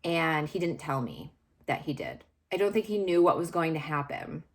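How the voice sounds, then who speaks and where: A woman's voice: deep voice, big pitch swings, moderate pace. A woman vlogger candidly sharing a personal story, confessional and searching, with frequent fillers and restarts.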